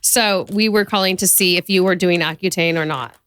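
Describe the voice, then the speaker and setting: A woman co-hosting a casual chat podcast, laughing often and reading facts aloud with quick energy. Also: lowish voice, a bit bright, a little hiss or hum. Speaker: podcast co-host.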